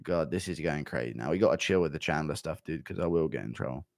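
A man's voice: rumbling low, quick pace, vocal fry, no echo, clean studio sound. A young man livestreaming and reading out paid chat messages, laughing, swearing and acting mock-exasperated.

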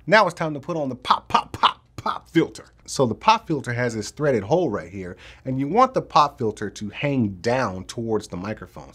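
Chatty man with lively pitch. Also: slightly rough. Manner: laid-back, chatty, jokes with viewers; says man and y'all a lot. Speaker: tech reviewer. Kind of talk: casual product review vlog.

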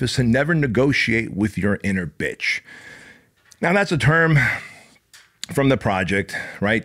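A man's voice: on the low side, fairly bright tone. A middle-aged man hosting his own show, giving a blunt, profane motivational monologue with lots of emphasis. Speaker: podcast host.

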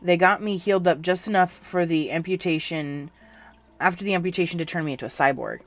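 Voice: medium pitch, fairly quick, no room sound, natural voice. A narrator voicing the listener's own character, a sarcastic, self-mocking young cyborg with a prosthetic hand, in a fan fiction audiobook reading. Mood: wry.

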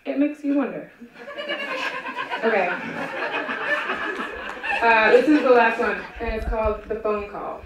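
Woman, live story reader, wry deadpan delivery, fairly high voice, echoey venue. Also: unhurried, long pauses, background noise. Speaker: reader at a literary event. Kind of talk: live reading of short stories. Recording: dull, echoey room from far off.

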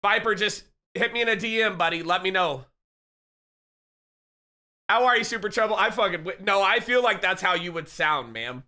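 A young man live-streaming, chatting casually and excitedly with his viewers and reading their messages aloud. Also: sits high, brisk, hardly any pauses. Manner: hyped, laughing, reads chat aloud.

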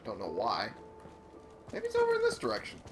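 A man's voice: on the low side, huge pitch swings, fairly quick, over music. A man giving casual gameplay commentary, muttering to himself, swearing often, and making fun of himself.

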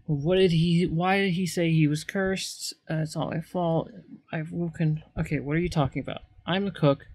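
A man's voice: a little high, steady tone, moderate pace, a little mellow, husky, no echo. A man giving casual gameplay commentary as a let's player, rambling with sarcastic asides.

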